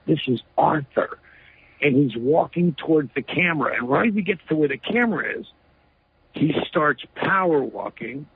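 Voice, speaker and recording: Husky man on a tinny phone line. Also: a little high, expressive, moderate pace, dry recording. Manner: emphatic, lots of "you know" fillers. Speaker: interview guest. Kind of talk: casual interview storytelling.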